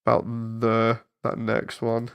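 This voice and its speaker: A man's voice: mid-range voice, completely flat delivery, slow pace, vocal fry, clean tone, dull audio. A man with a stuffy, congested voice from a cold, chatting casually and thinking aloud while he edits an animation. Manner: rambling, thinking aloud, with frequent fillers. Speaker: 3D animator and channel host. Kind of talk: casual chat while editing.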